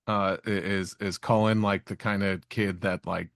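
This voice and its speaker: Low gravelly man recapping a comic. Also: level tone, no echo, studio quality. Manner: halting, with many fillers and restarts. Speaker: podcast co-host. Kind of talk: casual chat recapping a comic chapter.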